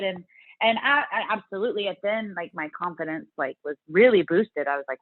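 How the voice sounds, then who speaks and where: A woman's voice: mid-range voice, fairly quick, dry recording. Chatty woman on a tinny line. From Louisiana, US South. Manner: chatty, acts out her own past reactions in quotes. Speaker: interview guest, fitness competitor. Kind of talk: casual interview storytelling. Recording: dry, tinny phone-like line.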